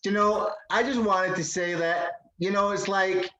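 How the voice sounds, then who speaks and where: Scotsman doing a drawling American guy, slightly high voice, roomy echo. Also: fairly even intonation, measured pace, sharp tone. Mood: laid-back. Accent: put-on American. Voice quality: drawling, laughing through it. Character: Scot faking a laid-back American dude.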